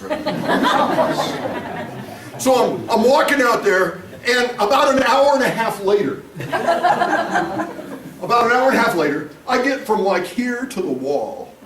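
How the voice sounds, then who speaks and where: A man teaching a church Bible class, mixing scripture reading with funny personal stories. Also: high voice. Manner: animated, humorous storyteller. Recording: echoey room, distant mic, background noise.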